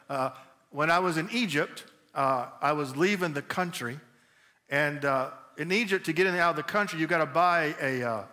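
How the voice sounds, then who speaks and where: A male pastor delivering a sermon with a high, bright voice. He tells stories with animated emphasis and a forceful edge.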